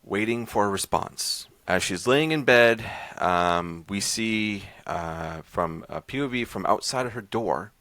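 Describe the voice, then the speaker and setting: Podcast host, male, very low gravelly voice with a bright edge; laid-back, rambling recap style. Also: a little slow, few pauses, no echo. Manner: rambling, loose, with many fillers and restarts. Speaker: podcast host reviewing horror short films. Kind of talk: casual chat, recapping a short film.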